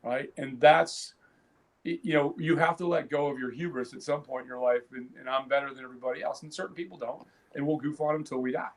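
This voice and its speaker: A man co-hosting a tech podcast in casual chat. He tells stories in an animated way, restarts his sentences and breaks into loud laughs. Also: medium pitch, fast talker. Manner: animated storyteller, laughs loudly, frequent restarts. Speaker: podcast co-host.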